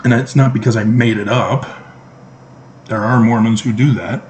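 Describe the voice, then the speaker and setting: A man's voice: mid-range voice, fairly even intonation, normal speed, a little mellow, rough recording. Middle-aged man, mid-range voice, emphatic monologue full of sarcastic rhetorical questions, faint hiss behind. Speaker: vlogger. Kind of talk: casual monologue to camera.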